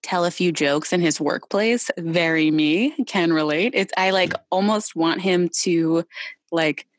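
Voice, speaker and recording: A woman's voice: lowish voice, measured pace, dry recording, studio quality. A woman co-hosting a podcast in casual chat, jokey and giggly, swearing freely. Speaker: podcast co-host.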